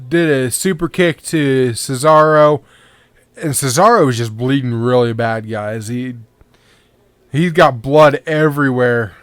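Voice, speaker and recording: A man's voice: medium pitch, clean tone, dry recording. A sleepy man hosting a podcast, giving casual, rambling commentary on a match and swearing now and then. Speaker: podcast host.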